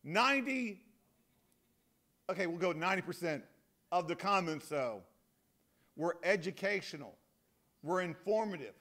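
A man delivers a conference keynote in a lively, joking way and often teases himself. His voice sits high with a gravelly rasp. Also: measured pace, long pauses. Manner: animated, joking, self-deprecating. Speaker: keynote speaker.

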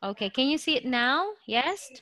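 A woman's voice: high-pitched, lively intonation, moderate pace, sharp tone, dry recording. A woman with a Filipino accent teaches an online lesson over a video call. She is patient and thinks aloud, with many okays. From Philippines.

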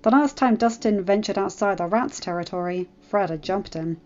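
A woman reads a fan fiction chapter aloud in a steady, even voice at a mid pitch. The recording sounds dull and lo-fi. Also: normal speed. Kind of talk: story narration.

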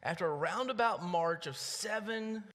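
A man preaching a sermon as the church's minister, earnest and emphatic, with dramatic pauses. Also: high voice, a bit bright. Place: church sanctuary. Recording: long hall reverb.

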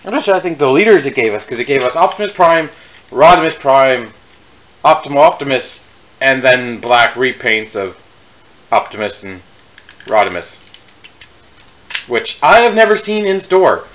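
A man's voice: medium pitch, expressive, normal speed, long pauses, muffled recording. A young man casually reviewing a toy on his vlog, rambling and correcting himself mid-sentence with chatty asides.

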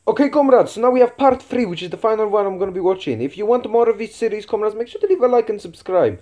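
A man's voice: high-pitched, lively intonation, fast, darkish tone, dull audio. A man reacting to a comedy video, swearing constantly and calling his viewers comrade. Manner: crude, swearing, calls everyone comrade in a put-on communist persona. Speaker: reaction channel host. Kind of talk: casual reaction commentary.

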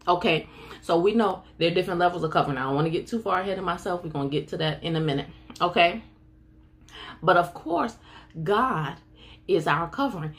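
A woman teaches a Bible study in a preacher's call-and-response style. She greets viewers by name and repeats key lines for emphasis, speaking at a middle pitch into a phone. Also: fairly bright tone.

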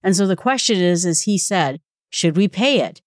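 A woman's voice: fairly low pitch, expressive, moderate pace, dry recording, clean studio sound. A woman hosting a Bible study podcast, teaching conversationally, reading scripture aloud and asking rhetorical questions.

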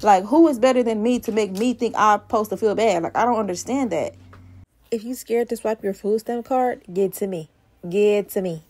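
A woman's voice: mid-range voice, brisk, a little mellow. A woman in her twenties talking casually and bluntly to her phone camera, swearing freely and sounding a bit out of breath. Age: 20s. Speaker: vlogger. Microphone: phone mic with earbud.

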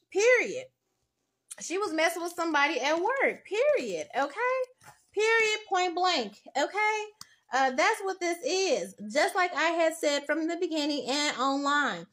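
A woman giving a casual tarot reading, blunt and profane, acting out little scenes as she talks. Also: very high voice. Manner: blunt, profane, animated storytelling with acted-out quotes. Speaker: tarot reader.

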